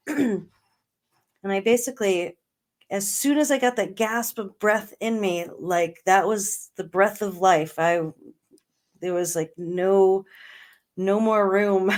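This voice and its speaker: A middle-aged woman, a guest in an interview, telling a personal story in earnest, slowing down on emotional words and laughing now and then. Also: mid-range voice. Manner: earnest, slows right down on emotional words, laughs between lines.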